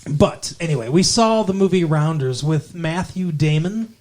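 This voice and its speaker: A man's voice: a little high, moderate pace, darkish tone, a little hiss or hum. A man co-hosting a casual movie podcast, rambling and digressive, often correcting himself mid-sentence. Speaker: podcast co-host.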